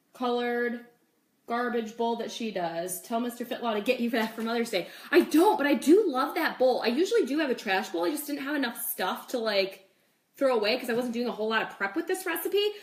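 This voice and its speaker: A young woman hosting a casual cooking demo in her home kitchen, chatting with viewers and saying "like" and "okay" a lot. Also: fairly high pitch. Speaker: cooking show host. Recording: echoey kitchen with faint noise.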